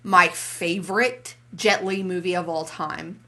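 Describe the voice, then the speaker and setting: On a podcast she co-hosts, a woman chats casually about movies, animatedly acting out conversations with her husband as she tells the story. Her voice is on the low side and her pace is measured.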